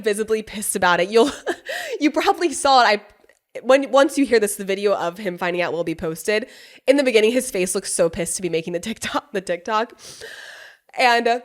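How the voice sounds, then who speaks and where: A young woman hosting a podcast, telling a personal story in a casual, animated way, laughing often, swearing freely and acting out what others said. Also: a little high. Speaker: podcast host.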